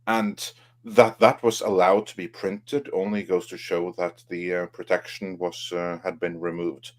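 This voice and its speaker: A man with a somewhat low voice weighs in on a casual live stream. He speaks in measured, deliberate remarks and lets his sentences settle down at the end. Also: flat delivery. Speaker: livestream co-host. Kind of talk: casual entertainment-news chat.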